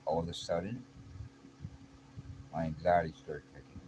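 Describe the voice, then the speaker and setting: A man telling a personal story in a casual, rambling and earnest way, with halting restarts. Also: sits low, fairly even intonation. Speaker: vlogger. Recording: noisy background.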